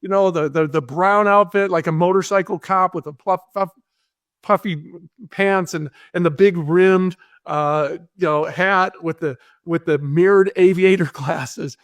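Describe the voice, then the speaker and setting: A man in a podcast interview telling a long anecdote with animated energy, acting out the voices of people he quotes. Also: high voice, measured pace, no echo. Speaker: guest, filmmaker.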